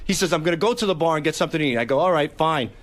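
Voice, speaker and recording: Casting: man, high voice, swooping lively delivery, indignant storyteller. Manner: fast, indignant, profane storytelling. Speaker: show regular. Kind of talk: animated storytelling.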